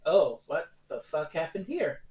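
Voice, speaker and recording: A man co-hosting a podcast, chatting casually about a TV serial, animated and swearing freely as he acts out quotes. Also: fairly high pitch, measured pace, lo-fi sound. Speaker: podcast co-host. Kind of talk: casual review chat.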